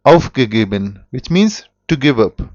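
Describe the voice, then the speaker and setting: Slow-speaking man teaching. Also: a little high, lively intonation, dry recording. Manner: slow, deliberate, with self-corrections. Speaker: German teacher. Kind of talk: explanatory language lesson. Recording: dull, dry lo-fi audio.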